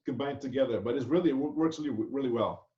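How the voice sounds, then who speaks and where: Over echoey, dull video-call audio, a chef instructor chats loosely through his online class, regularly checking in with "okay?". His voice is mid-range and mellow, and he talks quickly.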